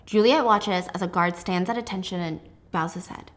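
A young woman hosting a casual book recap, telling the story in an animated way with side comments. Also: fairly low pitch, moderate pace, hardly any pauses. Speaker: host.

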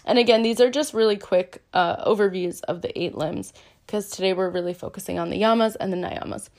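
A woman's voice: medium pitch, a little fast, a little mellow. A woman teaching yoga in a casual, earnest way, chatty and self-deprecating, with lots of "um" and "like". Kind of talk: casual explanatory talk.

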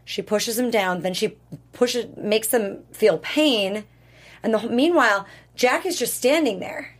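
A woman co-hosting a TV recap show, chatting casually and retelling scenes with quick enthusiasm. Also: on the high side.

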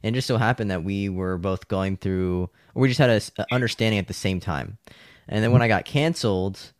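Low-voiced man telling his story. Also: a little fast, no echo, studio quality. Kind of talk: casual conversation.

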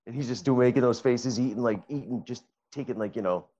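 A man's voice: medium pitch, fast, warm tone. A man joining a podcast remotely as guest co-host, laid-back and joking in casual chat, with a dull lo-fi sound.

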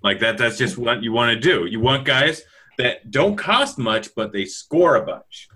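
A man's voice: medium pitch, lively intonation, measured pace, bright, forceful tone. A man co-hosting a casual podcast chat, teasing and lecturing his co-host.

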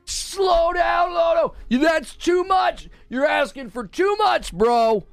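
A man mocking a shrill, scolding console fan. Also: expressive, slow, gravelly, dry recording, full character voice. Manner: shouty, sputtering, mocking. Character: scolding young male console defender, condescending.

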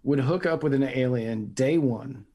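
A man co-hosting a casual podcast with a mellow, darker voice. He drops in dry, wry quips, mid-pitched and relaxed. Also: unhurried. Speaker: podcast co-host. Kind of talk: casual comedic chat.

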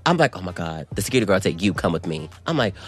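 A man's voice: deep voice, very fast, soft background music. A young man co-hosting a podcast, animatedly telling a story, calling his listener "girl" and acting out quotes. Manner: animated, says "girl" constantly, acts out quotes. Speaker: podcast co-host. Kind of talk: casual storytelling chat.

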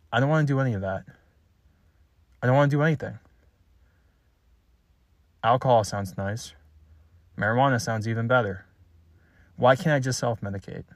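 A man delivering a frustrated, halting, blunt confessional message as a spiritual content creator. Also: mid-range voice, no room sound, clean studio sound.

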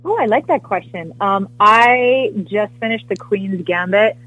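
A woman from the US Midwest, an actress telling a story as a guest in an interview, animated and laughing often, with many fillers. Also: mid-range voice, a little slow, dull audio.

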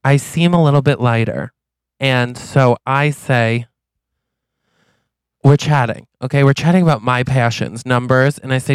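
A man's voice: mid-range voice, smooth, dry recording. A man co-hosting a podcast, animatedly narrating an improvised comic movie plot. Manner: animated, acts out lines, quick asides. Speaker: podcast co-host.

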